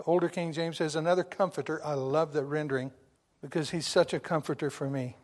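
High-voiced, exuberant middle-aged preacher. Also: male voice, steady tone, fairly quick. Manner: exuberant, emphatic, bursts into shouting. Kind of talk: sermon.

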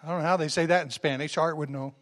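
In a high, steady voice, a fast-talking man preaches a sermon, retelling stories in a folksy manner. He frequently calls on the congregation to respond and often restarts his sentences.

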